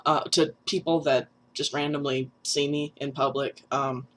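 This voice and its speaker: A man's voice: on the high side, flat delivery, a little slow, fairly bright tone. Young trans guy vlogger, nasal voice, chatty and self-mocking, loose and rambling. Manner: chatty and rambling, many fillers, laughs at self. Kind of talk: casual vlog update.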